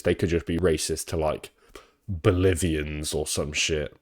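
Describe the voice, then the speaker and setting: A man's voice: rumbling low, unhurried, darkish tone. A man with an English Midlands accent, streaming and chatting casually with rambling, sweary talk. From England, Midlands. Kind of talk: casual live reaction chat.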